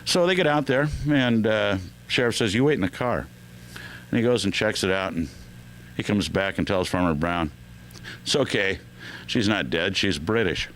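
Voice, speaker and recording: A man's voice: fairly low pitch, moderate pace, fairly bright tone, slight background noise. A man hosting a radio show, telling joke after joke in a loose, joking way with lots of fillers. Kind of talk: telling jokes on air.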